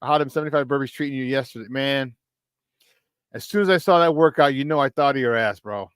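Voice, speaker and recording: Brief: male sports talk show host, high-energy and laughing, dry close sound. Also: fast talker, clear, resonant tone, dry recording. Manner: hyped, shouting out chat viewers with frequent laughs.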